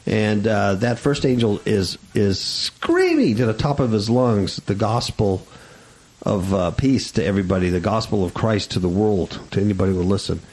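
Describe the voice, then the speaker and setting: A man's voice: fairly low pitch, animated, moderate pace, darkish tone. A man hosting a Christian talk radio show, rambling and stammering with indignant restarts.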